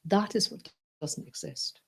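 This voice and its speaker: A woman teaching a Buddhist class, playful and animated, often checking in with "right?" and "yes?". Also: unhurried.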